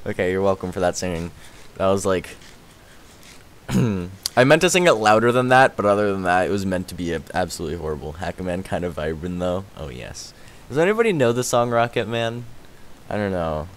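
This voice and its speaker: A young man chatting casually on a live game stream, excitable and laughing often, his voice worn out. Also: sits low, a little fast. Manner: excitable, laughs often, yelps and shouts when startled.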